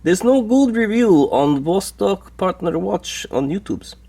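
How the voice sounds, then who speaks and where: A man's voice: high voice, lively intonation, measured pace, vocal fry, mellow, slightly rough, pitched above the performer's own voice, full character voice. A man putting on a clumsy, exaggerated mock-Russian accent to imitate another man. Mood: earnest.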